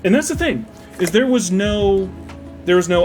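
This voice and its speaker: A man with a high-pitched but darkish voice talks expressively at normal speed, faint music behind him. Casually retelling a parable during a model build, he meanders, uses plenty of profanity and is easily pulled off course by the build.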